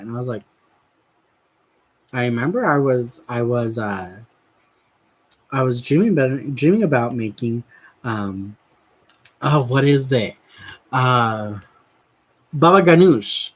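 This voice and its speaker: Giggly male vlogger, rambling casual storytelling, mid-pitched voice. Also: animated, slow, pauses often, low-quality recording. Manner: chatty and giggly, with many fillers and restarts. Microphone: camera mic while crafting.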